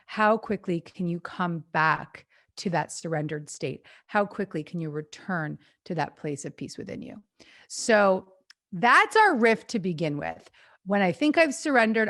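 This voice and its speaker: A woman's voice: lowish voice, no echo, clean studio sound. A woman in her forties hosting a spiritual advice show, teaching about surrender and then greeting her live viewers on a video call. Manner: gushing and excited when greeting viewers. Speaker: podcast host, spiritual teacher. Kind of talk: motivational talk, live stream chat. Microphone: video call recording.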